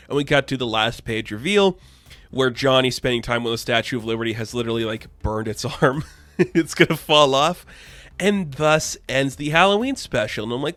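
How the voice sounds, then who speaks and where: A man's voice: medium pitch, a little fast, a bit bright, no echo. A young man casually recapping and reviewing a comic book issue, chatty and full of fillers. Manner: chatty, lots of fillers and quoted voices.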